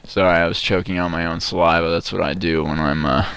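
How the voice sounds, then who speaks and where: A man's voice: low-pitched, fairly even intonation, fast, a bit bright, clear, resonant tone. A man giving sarcastic, mock-bragging gameplay commentary, profane and rambling. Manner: rambling with frequent restarts. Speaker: gamer commenting on his play.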